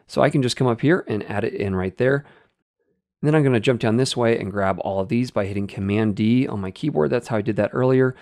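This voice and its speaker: A man explaining code step by step in a screen-recorded coding tutorial, in a steady teaching manner. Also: fairly low pitch, no echo, studio quality. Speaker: web development tutor.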